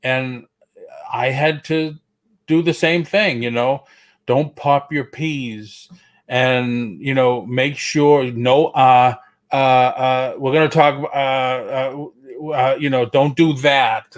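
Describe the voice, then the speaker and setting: A man's voice: medium pitch, fairly even intonation, takes it slowly. A man with a Boston accent, co-hosting a casual live-stream chat and telling stories in a chatty way. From Boston area. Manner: chatty, storytelling, slips into quoted voices. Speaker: co-host.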